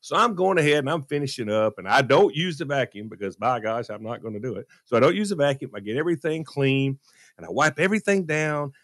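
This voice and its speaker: Animated, self-mocking man telling a story. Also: mid-range voice, quick pace, no echo, studio quality. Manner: animated, self-deprecating storyteller who acts out quoted dialogue. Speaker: radio show co-host. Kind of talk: casual talk radio storytelling.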